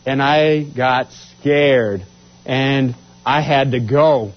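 A man from Washington state telling his life story as a testimony, acting out what others said. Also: very slow. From Washington state, USA. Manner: animated, acts out quotes with rising pitch. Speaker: speaker giving a testimony. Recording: dull lo-fi sound.

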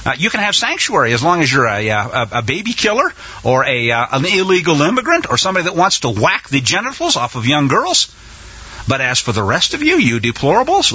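A male preacher delivering a sermon, retelling a story with sarcastic, animated commentary. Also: high voice, breathy edge, muffled recording.

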